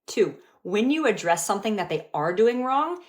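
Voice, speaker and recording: A woman talking calmly and patiently as a parent, mixing dry humor into everyday parenting skits and advice. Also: medium pitch, moderate pace. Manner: calm, patient, dryly wry. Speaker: parent content creator.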